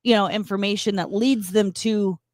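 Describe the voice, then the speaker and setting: A woman's voice: medium pitch, fairly even intonation, normal speed, dry recording. Laid-back woman co-host, dry sound. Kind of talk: casual chat.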